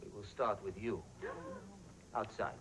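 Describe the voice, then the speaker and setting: A man's voice: lowish voice, unhurried, noisy background, natural voice. A man playing a menacing terrorist leader. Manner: stiff, commanding threats.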